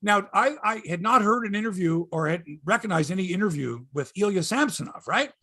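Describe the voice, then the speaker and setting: A man's voice: high-pitched, lively intonation, a little fast, pushed and bright, no echo, studio quality. A man from Canada hosting a casual sports chat, profane and ranting, often repeating himself. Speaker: sports show host.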